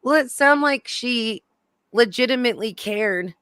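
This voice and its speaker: Slow-speaking female podcast host. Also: a little high, fairly bright tone, clear, resonant tone, no room sound, studio quality. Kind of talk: interview questions.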